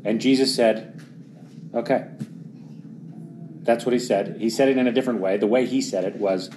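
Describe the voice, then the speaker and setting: Earnest male preacher, dramatic quiet drops. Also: medium pitch, steady tone, moderate pace, long pauses, slight background noise. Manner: earnest, swings between quiet dramatic drops and louder emphatic pushes. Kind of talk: sermon.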